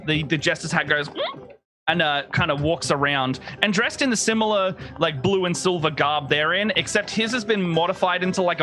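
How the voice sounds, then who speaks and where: A man's voice: fairly high pitch, sharp tone. A man narrating a tabletop game as game master, in a rambling way with many fillers.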